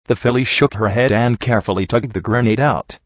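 A man narrating a first-person story in a steady, even reading voice. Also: medium pitch, fairly quick, dry recording. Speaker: audiobook narrator. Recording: dry, slightly dull home recording.

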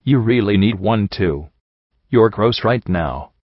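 A man voicing a fragile young female pegasus who speaks softly and shakily, in an apologetic way. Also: fairly low pitch, expressive, slow, no room sound, exaggerated voice. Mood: shaky. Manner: soft, shaky, apologetic. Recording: dull lo-fi recording.

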